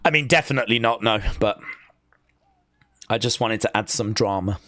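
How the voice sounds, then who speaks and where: A man's voice: lowish voice, moderate pace, pushed and bright, slight background noise. A man hosting a live wrestling watch-along with teasing, sarcastic play-by-play. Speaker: live stream host.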